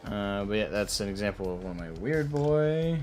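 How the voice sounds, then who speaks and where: A man hosting a casual chat while painting miniatures, talking in a relaxed, chatty way with pauses. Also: lowish voice, faint music behind.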